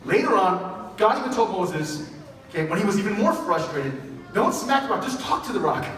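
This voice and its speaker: Male pastor, sermon delivery, high and animated, heard from afar in a reverberant church. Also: normal speed, a crowd in the background. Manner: animated storytelling with quoted dialogue. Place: church sanctuary. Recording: echoey church hall from a distant mic.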